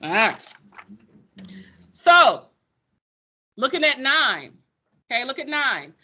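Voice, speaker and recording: This is a woman teaching math in a classroom, speaking. Her voice is bright and clear as she calls on students. She stays sassy and playful throughout, calling students sugar baby. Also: high-pitched, big pitch swings, takes it slowly.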